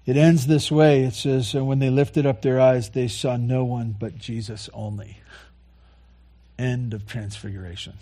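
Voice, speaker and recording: A man preaching a sermon, earnestly repeating key phrases and moving between quiet, soft lines and louder passages. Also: medium pitch, fairly even intonation, unhurried. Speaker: pastor.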